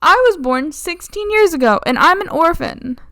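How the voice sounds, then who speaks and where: A woman voicing a confused teenage orphan girl in squeaky disbelief. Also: expressive, moderate pace, sharp tone, dry recording, full character voice. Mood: baffled. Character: baffled teenage orphan girl, newly married.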